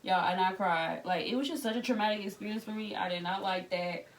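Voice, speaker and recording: A pregnant woman in her thirties vlogging casually while tidying her bedroom, telling candid, animated stories full of slang. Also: medium pitch, brisk, recorded from a distance. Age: 30s. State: pregnant, back aching. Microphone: camera set up across the room.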